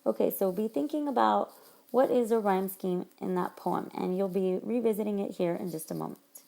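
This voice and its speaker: Woman, teacher, recorded lesson, clear explanations, gravelly, tablet mic. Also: medium pitch, normal speed, mellow. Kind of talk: recorded classroom lesson narration. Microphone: tablet microphone.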